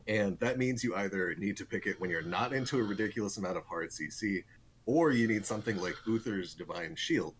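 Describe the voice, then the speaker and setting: Guy with a low voice chatting on a podcast, explains things eagerly, laughs a lot. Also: slight background noise. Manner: animated explaining, chuckles often. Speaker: guest pro player. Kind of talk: casual podcast chat.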